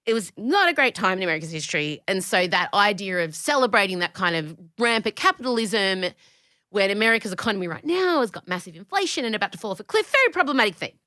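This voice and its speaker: An Australian woman hosting a podcast, chatting in an animated, opinionated way, swearing freely and jumping between tangents. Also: medium pitch, quick pace, no echo, studio quality. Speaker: podcast host; comedian. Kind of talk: casual podcast chat.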